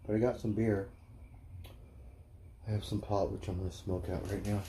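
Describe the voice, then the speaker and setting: A man on a casual live stream, chatting to his cats in a soft, high baby-talk voice and rambling through offhand stories. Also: steady tone, normal speed. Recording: echoey room with faint ambient noise.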